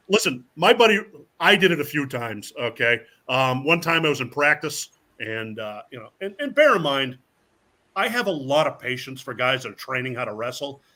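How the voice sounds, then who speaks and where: Lively, bright-voiced man telling wild stories. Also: mid-range voice, normal speed. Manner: animated, acts out quotes, swears freely. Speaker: guest, professional wrestler. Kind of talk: casual storytelling.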